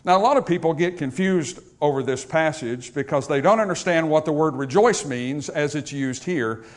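Male pastor with a slightly high voice, talking through a funeral sermon like a story. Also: normal speed. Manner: conversational, storytelling preacher.

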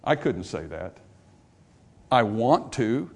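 A pastor preaching a sermon in a church, swinging between emphatic high points and hushed, soft passages. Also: male voice, very animated, slow pace, gravelly, husky. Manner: dynamic preaching, rising to emphatic highs and dropping to hushed lows. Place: church sanctuary.

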